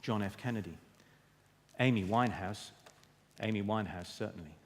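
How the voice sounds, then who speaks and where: A man's voice: lowish voice, moderate pace. A man giving a motivational keynote on stage, emphatic and theatrical, speaking straight to his audience. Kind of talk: keynote talk. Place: stage in a conference hall. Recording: echoey hall.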